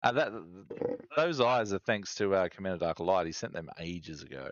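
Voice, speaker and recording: A low-pitched Australian man in his forties chats loosely on a stream, wandering between thoughts with plenty of ums and restarts. The sound is dry and a little dull, as from a modest home setup. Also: animated, normal speed, no echo. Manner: rambling, chatty, many fillers and restarts. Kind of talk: casual stream chat.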